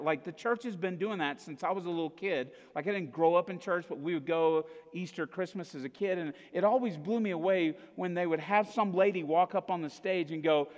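A man's voice: sits high, brisk, hardly any pauses. An American man preaching a casual sermon, joking with the congregation and often checking in with "okay?" and "right?". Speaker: pastor. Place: church auditorium. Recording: echoey hall reverb.

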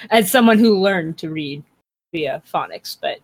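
A woman's voice: fairly low pitch, expressive, takes it slowly. A woman co-hosting a casual podcast, agreeable and chiming in with short remarks.

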